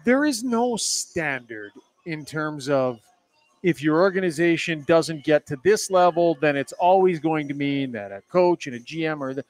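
A man's voice: fairly high pitch, lively intonation, moderate pace. A man co-hosting a casual sports talk show, joking and teasing his co-host and producer.

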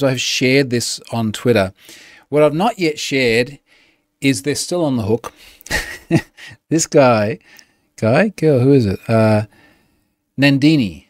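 A man's voice: medium pitch, no room sound, clean studio sound. A man, hosting a weekly show in a chatty, amused way and laughing often. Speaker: podcast host. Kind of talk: casual solo show talk.

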